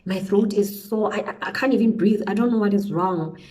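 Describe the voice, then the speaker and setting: A young woman from South Africa, a beauty vlogger chatting through a storytime while she does her makeup, animated and peppered with slang interjections. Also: mid-range voice, a little fast, low-quality recording. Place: indoors at home, windy outside.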